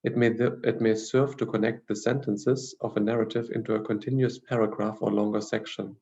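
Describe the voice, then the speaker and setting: A man teaching a language class, reading through grammar notes in a measured, explanatory way with frequent fillers and restarts. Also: fairly low pitch, flat delivery, vocal fry, darkish tone, highs cut off.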